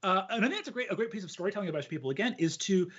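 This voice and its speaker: A man hosting a casual conversation about storytelling, talking in an animated, rambling way with lots of fillers. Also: high-pitched, very fast, breathy edge, highs cut off. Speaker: host.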